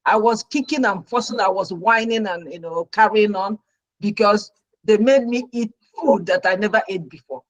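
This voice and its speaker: Middle-aged lady guest on a talk show, telling her story all animated, dry close sound. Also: medium pitch, moderate pace, no echo, rough recording. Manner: animated storyteller who acts out her own past reactions.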